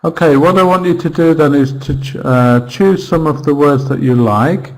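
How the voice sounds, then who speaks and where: A man teaching an online English lesson, slowly repeating words and pronunciations for his students. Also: a little high, rough recording.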